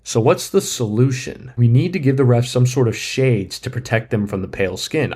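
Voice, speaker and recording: A man hosting a casual comedy vlog, spinning a tongue-in-cheek theory in a deadpan, mock-serious way. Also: medium pitch. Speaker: sports comedy creator.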